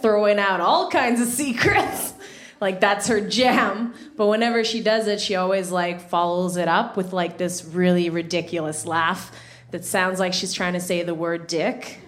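A woman's voice: medium pitch, steady tone, moderate pace, slight background noise. Young woman doing stand-up, self-mocking. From Somalia (family). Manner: chatty, self-mocking, heavy on "like". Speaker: stand-up comedian. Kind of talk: stand-up comedy set. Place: comedy club stage. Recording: echoey room with loud audience laughter. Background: audience laughing.

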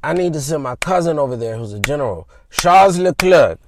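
A man's voice: fairly high pitch, expressive, brisk, background noise. A man voicing an exasperated French emperor who curses in blunt slang.

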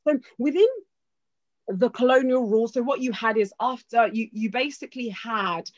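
An emphatic woman giving an informal history talk, often checking that her listeners are following. Her voice sits fairly high and comes through a dull, lo-fi recording with a dry sound. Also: normal speed, no room sound. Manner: emphatic, keeps checking in with "okay?". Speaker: speaker.

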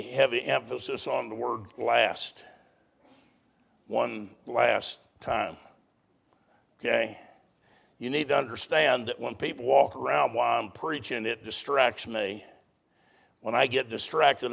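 Very gravelly older male preacher. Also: mid-range voice, fairly bright tone. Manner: folksy, blunt, emphatic preaching. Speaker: pastor. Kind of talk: sermon.

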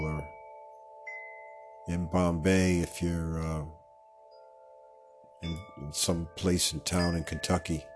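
This is a man with a very deep voice, hosting a live radio meditation show. He talks slowly and wanders from one tangent to the next, often tripping over and rephrasing his own words. Soft music and wind chimes play faintly behind him. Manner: meandering and digressive, fumbles and corrects words. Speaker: radio host. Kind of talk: rambling meditation monologue.

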